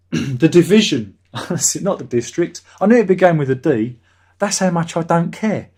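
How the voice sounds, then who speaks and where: Ranting man, slightly high voice. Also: lively intonation, darkish tone, breathy edge. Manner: ranting, sarcastic, quick to anger. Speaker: host of a review livestream. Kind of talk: casual chat, reading viewer comments.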